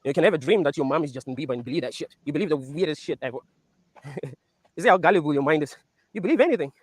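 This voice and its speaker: A man with a slightly high voice talks rapid-fire, a breathy edge to his speech, as he laughs through a recap of a series and ponders dreams. It's an animated, profane, casual rant with no room sound.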